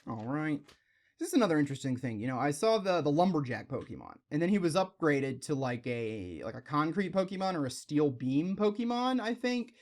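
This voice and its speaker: A man's voice: fairly high pitch, brisk. Chatty man opening card packs. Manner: rambling, chatty asides between pulls; excited exclaiming over shiny cards. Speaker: card-opening video host. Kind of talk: casual pack-opening chat.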